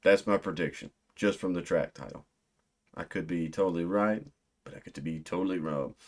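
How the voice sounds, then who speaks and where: A man hosting a music reaction video, talking casually in a jokey, excitable way with sudden loud outbursts. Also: low voice, normal speed. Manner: jokey, excitable, big swings in loudness.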